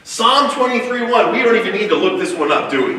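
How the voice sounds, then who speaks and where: A man preaching a sermon as pastor, telling stories in a lively way with stumbling restarts, recorded from a distance in a church. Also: high-pitched, fast, a little hiss or hum. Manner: animated and storytelling, with stumbling restarts. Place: church sanctuary. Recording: echoey church hall picked up from far off.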